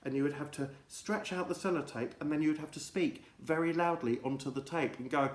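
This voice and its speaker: A man's voice: a little high, brisk, few pauses. A man hosting a comic children's show, rambling in a silly, mock-pompous way. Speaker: host. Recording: echoey room.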